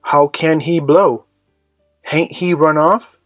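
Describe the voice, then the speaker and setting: A man's voice: on the high side, fairly even intonation, slow, no echo, soft background music, pitched above the performer's own voice. A man voicing a frightened boy who whimpers and pleads in an audiobook. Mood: pleading.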